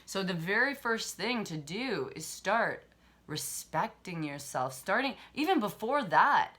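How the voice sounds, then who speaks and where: A woman's voice: medium pitch, big pitch swings, measured pace, bright, forceful tone. A woman relationship coach giving a casual motivational talk, candid and swearing freely, laughing often as she acts out harsh inner voices.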